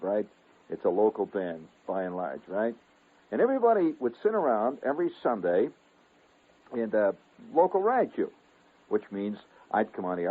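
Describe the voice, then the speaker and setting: A man in his fifties spins a long, wandering radio story, his voice swooping up and down with animated energy and a slightly husky edge. Chuckles slip into his asides. The sound is thin and phone-like, as on an old radio broadcast. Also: on the low side. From United States. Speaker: radio host. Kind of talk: rambling radio storytelling monologue.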